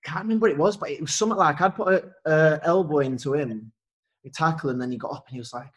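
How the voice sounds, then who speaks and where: A man's voice: on the high side, rapid-fire. A man with a broad Yorkshire accent in a casual podcast chat, easygoing and matey, calling everyone "mate". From England (Leeds). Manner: laughing, matey, peppers talk with "mate". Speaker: footballer guest on a podcast.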